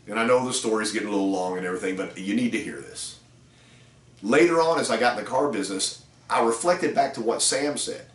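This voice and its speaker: A man's voice: on the low side, a bit bright. A middle-aged man who trains car salespeople, telling a story in a casual, rambling way with fillers. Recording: roomy echo, distant mic.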